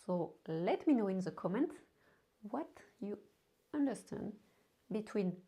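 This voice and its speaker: French-accented woman, native French teacher, slow deliberate delivery, mellow tone. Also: mid-range voice, sing-song, husky. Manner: slow, careful teaching with repeated example sentences. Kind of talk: language lesson.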